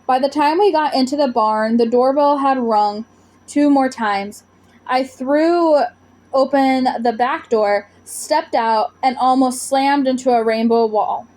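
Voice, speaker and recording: A woman reading a children's storybook aloud with expressive narration. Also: high-pitched, a little slow. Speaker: audiobook reader.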